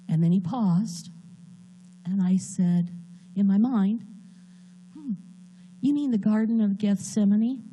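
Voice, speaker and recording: A woman's voice: mid-range voice, slow pace, pauses often, mellow, a little hiss or hum, poor audio. A woman in her sixties giving a heartfelt personal testimony at church. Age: 60s. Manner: earnest, heartfelt storytelling.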